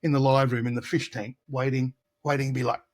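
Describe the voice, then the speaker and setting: A man's voice: mid-range voice, flat delivery, fast talker, a little mellow. A middle-aged man from Australia, a guitarist telling casual studio anecdotes in an interview, acting out the voices of people he quotes. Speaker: guest guitarist.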